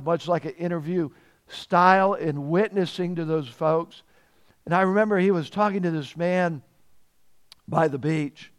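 A man preaching a sermon as pastor, emphatic and repeating phrases, growing louder on key points. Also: fairly high pitch.

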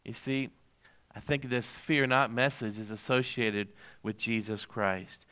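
A man's voice: fairly low pitch, fairly even intonation, measured pace, fairly bright tone. An older man, a pastor giving a conversational sermon, repeating key lines and putting questions to his congregation.

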